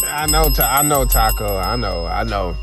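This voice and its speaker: A man's voice: on the low side, animated, normal speed, loud music behind the voice. A young man with an African American Vernacular English accent, hosting a show in loose, profane casual commentary with laughing asides. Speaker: podcast host.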